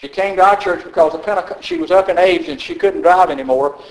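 An older pastor preaches in a church sanctuary, telling stories in a folksy manner and chuckling often. His voice is high and he talks fast. The room is echoey and the recording rough.

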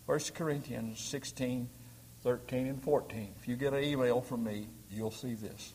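A man's voice: medium pitch, fairly even intonation, unhurried, creaky, darkish tone, a little hiss or hum. A man preaching a sermon, building to emphatic peaks and putting questions to his congregation. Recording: long hall reverb.

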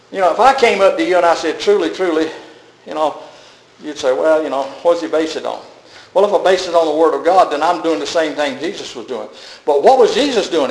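A man's voice: sits high, roomy sound, slight background noise, poor audio. A man preaching a sermon emphatically, often repeating words and restarting.

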